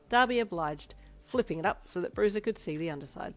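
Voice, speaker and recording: Woman narrator for fan fiction, low-ish, even storytelling, soft music under. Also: fast talker, few pauses. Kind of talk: second-person fan fiction reading. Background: faint instrumental music.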